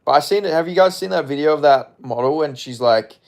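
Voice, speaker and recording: A man livestreams casually, reading viewer comments aloud in an offhand, rambling way with frequent profanity. His voice is fairly high in pitch and a little fast.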